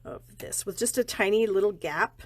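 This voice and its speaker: A woman's voice: medium pitch, moderate pace, background noise. A middle-aged woman chatting and rambling casually as she hosts a card-making live stream from her home craft room.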